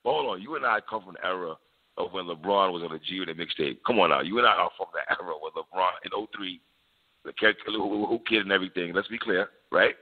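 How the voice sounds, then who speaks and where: Low-voiced guy talking hip-hop, chill and slangy, sounds like a phone line. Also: fast. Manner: laid-back, slangy, laughs often, repeats phrases. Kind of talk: casual hip-hop debate chat.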